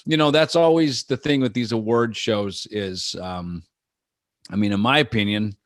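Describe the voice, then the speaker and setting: On a video call, a rock musician being interviewed talks loosely and rambles, with plenty of fillers and false starts, acting out what people said. His lowish male voice moves at a normal speed, with studio quality and no room sound.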